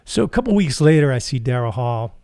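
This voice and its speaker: A man's voice: medium pitch, sing-song, fairly quick, mellow, no room sound, studio quality. A man hosting a guitar channel, casually telling rambling anecdotes full of fillers. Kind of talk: casual storytelling.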